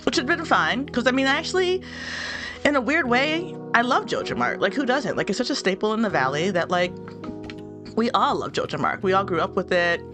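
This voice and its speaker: A woman's voice: medium pitch, very animated, fairly quick. A young woman with a stuffy nose, chatting and giggling casually as she plays a game. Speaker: let's play host. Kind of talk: casual gameplay commentary. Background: faint game music.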